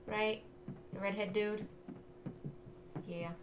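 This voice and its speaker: A woman's voice: medium pitch, steady tone, slow pace, a little hiss or hum. A woman streamer chatting playfully while playing a game. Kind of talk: casual gameplay commentary.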